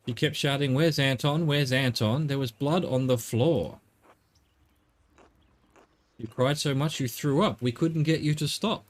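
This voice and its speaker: A man's voice: mid-range voice, measured pace, long pauses, natural voice. A man voicing a caring grown daughter, reading game dialogue aloud in an earnest, plain way. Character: caring grown daughter, protective of her father.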